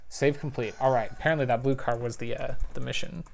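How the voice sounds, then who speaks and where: A man giving casual commentary while playing a spy video game, thinking aloud with little excited outbursts. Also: medium pitch, normal speed, gravelly, long pauses. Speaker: parent. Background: faint game music.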